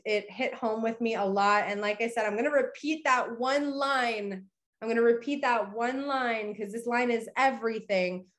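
A young woman hosting a podcast, giving a casual motivational monologue in a chatty, upbeat way full of "you know" and "okay". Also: mid-range voice. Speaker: podcast host.

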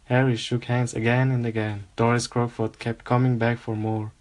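A man reading a novel aloud at a steady, unhurried pace. His voice sits at an ordinary pitch. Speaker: reader.

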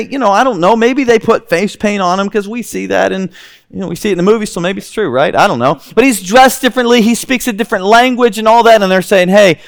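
A man preaching a sermon, retelling a scripture story and quoting its characters in lively, acted-out voices. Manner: drops low and quiet when quoting characters.

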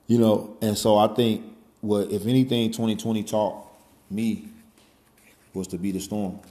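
A man's voice: fairly low pitch, fairly even intonation, a little slow, warm tone, reverberant. A man in his forties talking casually and at length, rambling with lots of fillers and loose swearing. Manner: rambling, peppered with "you know" and "man", swears freely. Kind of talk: casual conversational monologue.

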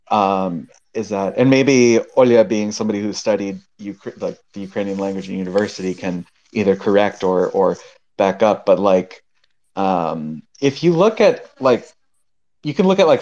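A man's voice: on the low side, a little mellow. A man talking casually in an online discussion, hesitant and full of restarts. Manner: hesitant, many fillers and restarts. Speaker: panel guest. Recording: dull lo-fi call audio.

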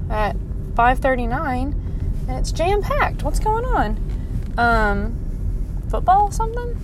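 A young woman recaps her day into her phone, chatty and rambling, with a steady stream of "like" and "um." Her voice sits a bit high. Faint car noise hums behind her as she talks from a parked car. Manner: chatty, rambling, many fillers and "like"s. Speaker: vlogger. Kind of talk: casual diary vlog.

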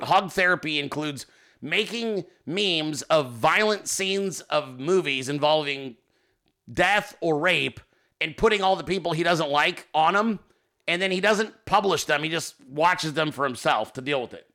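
A man hosting a podcast in casual, profane, joking chat, quick to laugh. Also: a little high, pushed and bright. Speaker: podcast host.

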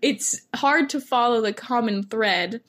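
Laughing, animated woman retelling a story. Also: on the high side, measured pace. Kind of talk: casual chat.

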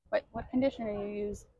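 A woman's voice: on the high side, steady tone, normal speed, darkish tone, slightly rough, no echo. A woman from Pennsylvania co-hosting a casual vlog at an outdoor petting farm, playful and jokey with the animals. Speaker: vlog co-host. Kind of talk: casual chat.

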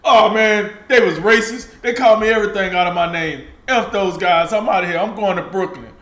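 A man's voice: sits high, a little fast, a bit bright, reverberant. A man mimicking a sulky star baller, breezy. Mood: aggrieved. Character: impression of a sulky star basketball player, man.

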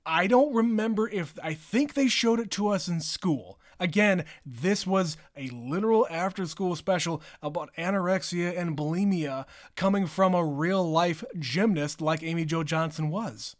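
High-voiced man joking through listener emails. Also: dry recording, clean studio sound. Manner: joking, drawn-out and playful. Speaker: podcast co-host. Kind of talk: casual chat, reading listener emails.

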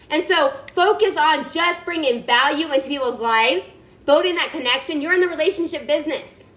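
A woman's voice: high voice, fairly bright tone, rough recording. A woman giving her team a chatty, emphatic motivational pep talk over a video call, sassy and calling everyone y'all. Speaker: team leader speaking to her sales team.

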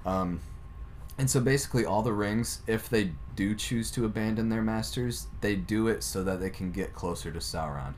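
A man's voice: fairly low pitch, normal speed, a little hiss or hum. A young man sharing trivia in a casual chat with friends, rambling and often breaking into giggles. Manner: rambling, giggly, trails off into laughs.

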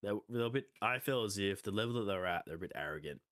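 Low-voiced Australian man, casual rambling chat. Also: expressive, rapid-fire, a bit bright, dry recording, clean studio sound. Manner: rambling, lots of fillers and restarts. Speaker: podcast co-host.

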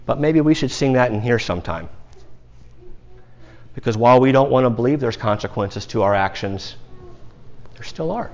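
A man's voice: mid-range voice, expressive, moderate pace, pauses often, muffled recording. A male pastor from the United States preaching a sermon in a conversational way, with casual asides to the congregation.

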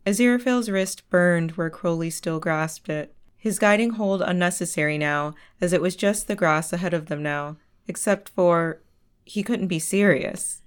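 A woman narrating a story as an audiobook reading in a measured storytelling manner. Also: lowish voice, clear, resonant tone.

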